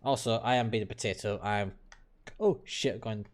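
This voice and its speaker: A man's voice: lowish voice, moderate pace. A British man streaming a game late at night, chatting with viewers in a blunt, opinionated and profane way. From United Kingdom. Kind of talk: casual live-stream chat while playing.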